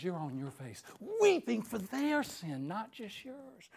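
A man preaching a sermon, reading scripture aloud with slow emphasis and swinging from hushed tones to near-shouting fervor. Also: high voice, big pitch swings, creaky, slightly rough.

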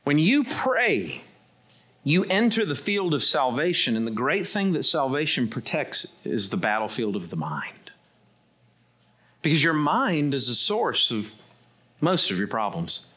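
A middle-aged man preaching a sermon as pastor, swinging between loud, high bursts and low, quiet asides. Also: sing-song, a little slow, husky.

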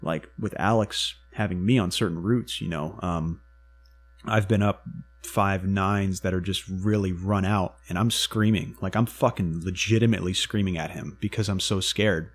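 A man telling a story in casual chat, animated and swearing freely, acting out what people said. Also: low voice, moderate pace, husky, soft background music.

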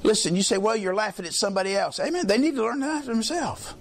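A man preaching a sermon in a colloquial way, leading call-and-response with the congregation and often swelling into shouts. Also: high voice, fast. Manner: colloquial, peppers lines with "amen", swells into shouts.

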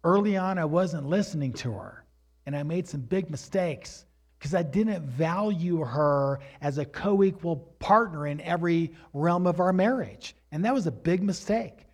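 A middle-aged man preaching a sermon, mixing plain exhortation with a personal story told in a relaxed, conversational way. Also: fairly high pitch, a little slow. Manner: rises to emphatic exhortation. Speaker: pastor.

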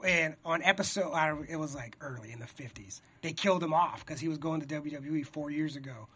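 A young man rambling in a casual, profane chat, getting excited as he talks. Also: on the high side.

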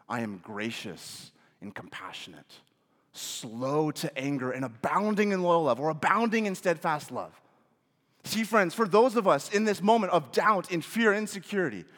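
A man preaching a sermon as pastor, rising to emphatic questions and dropping to soft, hushed phrases. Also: high-pitched, big-room sound.

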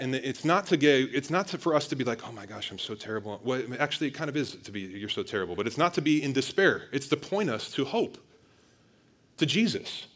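A male pastor preaching an energetic sermon, talking straight to the congregation and pressing his points hard. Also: mid-range voice. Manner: energetic, emphatic preaching with direct address to the congregation.

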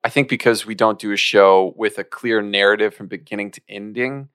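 A man's voice: lowish voice, steady tone, fairly quick, a bit bright, smooth, dry recording, studio quality. A man co-hosting an improv podcast in casual chat, explaining his thoughts at length. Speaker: podcast co-host.

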